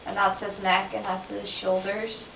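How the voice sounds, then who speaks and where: A woman's voice: mid-range voice, flat delivery, normal speed, vocal fry. A young woman cosplayer in casual chat, explaining her drawing in a dry, matter-of-fact way. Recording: echoey room, far from mic, dull lo-fi with hiss.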